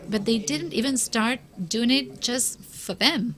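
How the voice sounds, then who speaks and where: At a live conference, a woman with a fairly high, slightly bright voice answers audience questions unhurriedly, sounding earnest and encouraging. She often repeats words as she begins a sentence, and audience noise can be heard.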